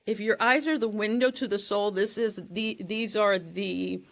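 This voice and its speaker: Woman co-host, casual podcast talk, fry in the voice, rambly and loose. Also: mid-range voice, fairly even intonation, measured pace, fairly bright tone. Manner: chatty, rambling, loses her words.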